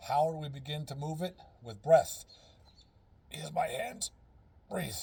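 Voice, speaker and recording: Husky-voiced man explaining earnestly. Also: fairly high pitch, unhurried, dark tone. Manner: earnest, explains step by step, repeats key phrases. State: out of breath. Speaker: fitness and breathing instructor. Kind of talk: casual instructional vlog.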